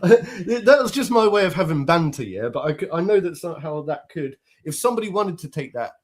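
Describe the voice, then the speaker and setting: A chatty man on a podcast panel who swings his pitch around a lot and sits a little higher than most men. He talks in a loose, lively way and laughs easily. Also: fairly quick. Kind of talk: casual panel discussion.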